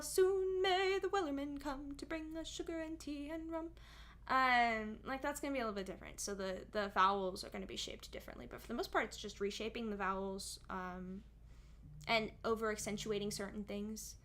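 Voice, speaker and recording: A woman's voice: medium pitch, pushed and bright. A young woman, a singer and streamer, chatting casually on stream and explaining at length with many asides.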